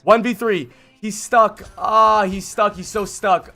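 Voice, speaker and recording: A man streaming a gameplay vod review, blunt and exasperated, swearing and yelling at the player he coaches. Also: sits high, fairly even intonation, slow pace. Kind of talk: livestream game vod review.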